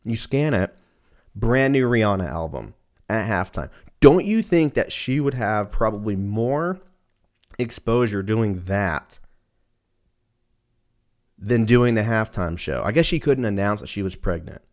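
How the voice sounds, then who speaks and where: A young man with a lowish voice chats casually on his own, swearing freely and drifting loosely from one point to the next. He sounds animated, keeps a measured pace, and pauses often.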